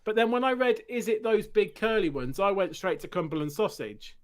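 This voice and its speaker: A man's voice: sits high, fairly quick. A man co-hosting a gaming podcast in casual chat, joking and rambling as he reads out listener mail. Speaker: podcast co-host.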